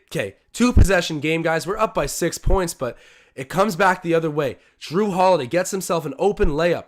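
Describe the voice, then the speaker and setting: A young man hosting a live-stream watch-along, commenting casually on the game, reading the chat aloud and breaking into loud cheers. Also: on the high side, normal speed. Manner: excitable, talks to chat, bursts of loud cheering.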